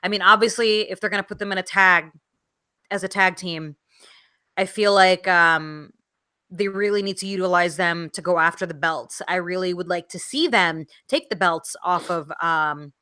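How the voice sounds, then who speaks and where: Bright-voiced woman chatting bluntly. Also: lowish voice, moderate pace. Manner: blunt, swears freely, lots of fillers. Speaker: podcast co-host. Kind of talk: casual chat.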